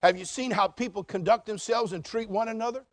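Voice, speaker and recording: High-voiced, folksy preaching man. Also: brisk, dry recording. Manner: folksy, animated preaching with mock voices and asides. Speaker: pastor. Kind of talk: sermon.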